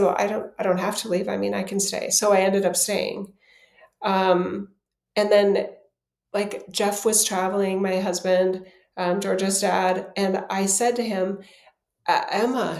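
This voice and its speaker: A podcast co-host tells a personal story in a casual, animated way, laughing often and acting out what people said. Her voice is medium-pitched, and the recording has a roomy echo.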